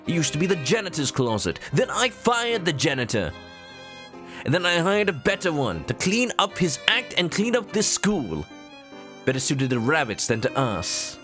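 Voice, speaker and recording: A man's voice: fairly high pitch, sing-song, normal speed, fairly bright tone, soft background music. A man voicing a pompous, condescending aristocratic male pigeon student council president in a dating game. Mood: haughty. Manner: haughty, condescending. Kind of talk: reading game dialogue aloud.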